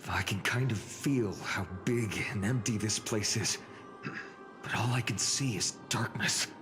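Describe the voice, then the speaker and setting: An actor playing a calm young male video game hero, speaking slowly in a hushed, low voice. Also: lightly acted. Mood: uneasy. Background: game music.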